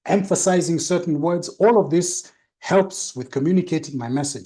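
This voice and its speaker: Man speaking at a seminar with a mellow voice. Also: on the high side. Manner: trained, deliberate delivery with varied tones and emphasis. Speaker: branding and presence trainer. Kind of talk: live seminar talk.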